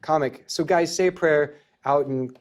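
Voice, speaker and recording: A man's voice: fairly high pitch, moderate pace. A man guesting on a podcast, telling stories in an enthusiastic, rambling way with frequent restarts and casual swearing. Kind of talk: casual storytelling interview.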